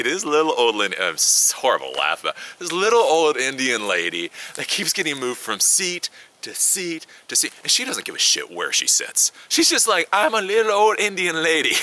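A man hosting his own video channel, telling a travel story as casual chat, animated and swearing now and then. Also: medium pitch. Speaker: tech video host.

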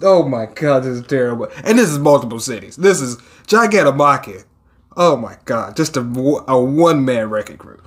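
A man's voice: mid-range voice, animated, moderate pace. A man hosting a casual manga reaction, reading panels aloud and reacting with laughs and swearing.

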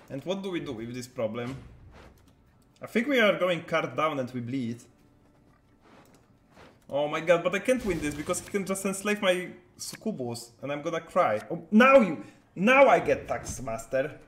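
A man's voice: on the high side, expressive, normal speed, pauses often, slight background noise. Chatty man streaming a card game. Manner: chatty, answers viewer chat while playing. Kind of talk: live-stream gameplay commentary. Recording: roomy echo.

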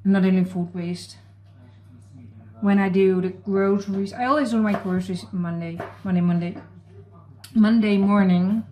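A woman's voice: mid-range voice, dark tone, slight background noise. A woman from the Netherlands with a Dutch accent, chatting to viewers in a casual cooking vlog and reading out recipe steps, often apologizing. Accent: Dutch, with American-leaning English. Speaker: cooking vlogger.

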